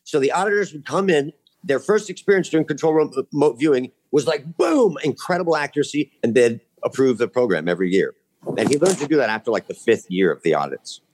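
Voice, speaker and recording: A man's voice: mid-range voice, expressive, brisk, a little mellow. A man speaking as a podcast guest in casual chat, earnest and rambling, with frequent restarts, in a studio.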